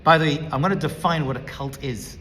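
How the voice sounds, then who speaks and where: Male rabbi, emphatic teacher, sharp bright tone, long hall reverb. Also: on the high side, a little fast, slight background noise. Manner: emphatic, lecturing, builds points as a numbered list. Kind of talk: teaching talk.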